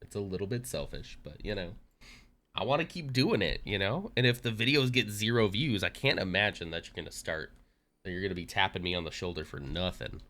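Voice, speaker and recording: A young man talking casually on his live stream, chatty and quick to poke fun at himself. His voice sits fairly low but sounds bright and forward. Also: lively intonation. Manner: chatty, joking, self-deprecating. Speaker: livestreamer.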